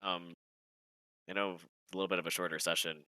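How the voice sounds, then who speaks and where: A man running a tabletop game as game master, in a relaxed, rambling way. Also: low voice, a little fast, clear, resonant tone, no room sound, poor audio.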